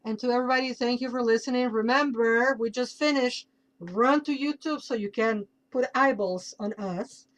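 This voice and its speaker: A woman's voice: fairly high pitch, moderate pace, rough recording. A woman podcast host with a Mexican accent, chatting casually and plugging her work with playful asides.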